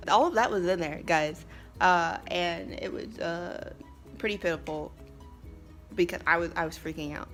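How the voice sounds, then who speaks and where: Faint soft music plays under a young woman from the United States, a vlogger and English teacher abroad, as she tells a story. Her low, expressive voice moves a little slowly with long pauses, and she's chatty and emphatic, laughing often.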